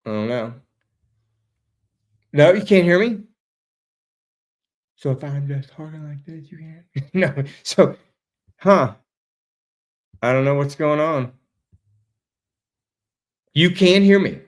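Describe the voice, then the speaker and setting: A man's voice: fairly high pitch, takes it slowly, pauses often. A man telling a story as a guest, casual and laid-back, over a video call. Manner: animated, laid-back, says dude a lot, swears. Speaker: interview guest.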